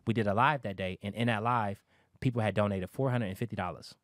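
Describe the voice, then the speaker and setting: Guy talking quick, telling a story on a talk show, lively, acts out what people said, dry close sound. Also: lowish voice, dry recording. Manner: animated storytelling, acting out other people's lines. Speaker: guest storyteller.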